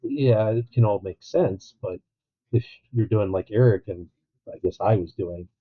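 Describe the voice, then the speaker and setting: A man's voice: lowish voice, unhurried, slightly rough. Man on a tinny phone-like line. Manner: animated, laughs, acts out quotes. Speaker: podcast co-host. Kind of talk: casual film discussion.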